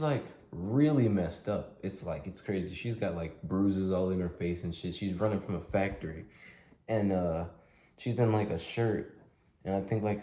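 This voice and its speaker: A man's voice: low-pitched, warm tone. A young man recapping a movie in a casual, rambling way, full of slang, filler words and swearing. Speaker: movie reviewer. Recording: roomy echo, faint noise.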